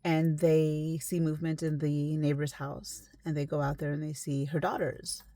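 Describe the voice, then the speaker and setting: A woman's voice: sits low, flat delivery, normal speed. A young adult woman telling a story in a casual, emphatic, conversational way. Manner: conversational, emphatic, sometimes hushed. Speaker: esthetician telling a client's story.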